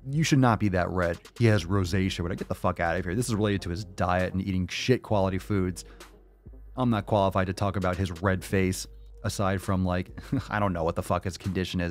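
Low-voiced man ranting with constant swearing. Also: darkish tone. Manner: swears constantly, fired up and mocking. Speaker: fitness video host. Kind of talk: profane ranting reaction commentary.

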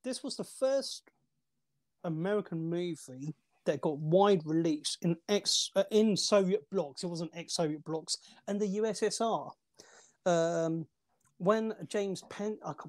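A man's voice: a little high, measured pace, darkish tone. A man co-hosting a casual movie review chat, rambling through film trivia with restarts and fillers. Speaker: movie podcast co-host.

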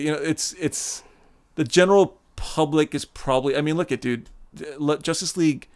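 A podcast host with a slightly high, clear, resonant voice chats casually and animatedly at a moderate pace, swearing freely and acting out what others might say.

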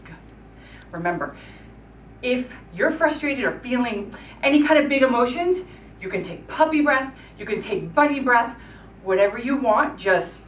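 A woman's voice: on the high side, very animated, measured pace, a bit bright, a little hiss or hum. A woman teaching a yoga class for children, giving cheerful, encouraging instructions and counting out the moves. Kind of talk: guided kids yoga class. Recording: echoey room from a distance.

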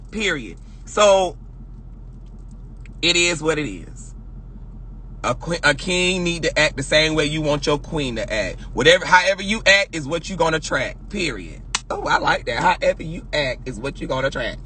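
Loud, sassy man streaming from home: high, bright voice that swings widely, cuts in with quick profane comebacks. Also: slight background noise. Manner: loud, projecting, sassy, profane, laughs often. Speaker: livestream host. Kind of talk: casual livestream rant.

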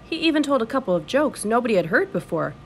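A woman reading a children's novel aloud in an expressive storytelling voice. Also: on the high side, quick pace, a little hiss or hum. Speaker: audiobook reader.

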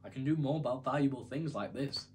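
A man's voice: medium pitch, brisk, a little mellow. A young man telling a story to camera in a casual, rambling, self-deprecating way. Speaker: YouTuber.

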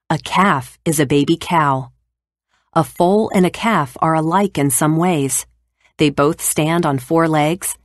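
Low-pitched female narrator for a kindergarten lesson, clear and steady. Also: no room sound, studio quality. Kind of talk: educational read-aloud for kindergarten.

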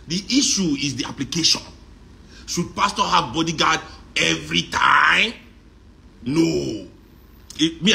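A middle-aged Nigerian man with a Nigerian accent, talking in a joking, animated monologue that mixes in Pidgin and Yoruba. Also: a little high, vocal fry. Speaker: musician talking on a live stream. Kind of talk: casual monologue.

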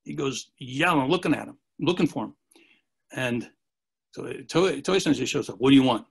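A man's voice: medium pitch, animated, normal speed, gravelly, a bit bright, husky. A man as an interview guest, telling long rambling anecdotes and acting out the quotes. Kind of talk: storytelling in a podcast interview.

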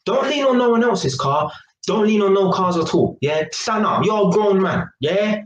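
Animated young London man telling a story. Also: high voice, moderate pace, highs cut off. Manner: animated, slangy, repeats "innit" and "yeah". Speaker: vlogger. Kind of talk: casual storytelling to camera. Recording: echoey room with faint noise.

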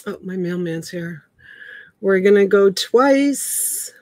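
A woman's voice: medium pitch, expressive, slow, mellow, no echo. A woman in her fifties hosting a live online auction from home, chatting with viewers by name as she calls out bids. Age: 50s. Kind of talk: casual live-stream auctioneering.

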